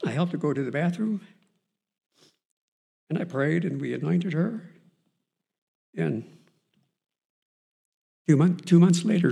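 A man in his sixties giving a Christian testimony, reading a letter aloud and then telling a personal story in an earnest, halting way. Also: fairly high pitch, gravelly, warm tone, breathy edge.

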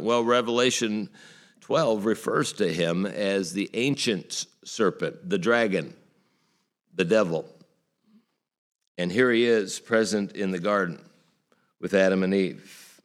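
Male pastor with a low voice, earnest sermon delivery, poses rhetorical questions to the congregation. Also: takes it slowly.

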